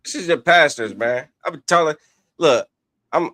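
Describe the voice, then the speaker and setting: A man co-hosting a casual podcast, speaking haltingly with frequent restarts and fillers. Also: a little high, lively intonation, sharp tone, dry recording. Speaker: podcast co-host.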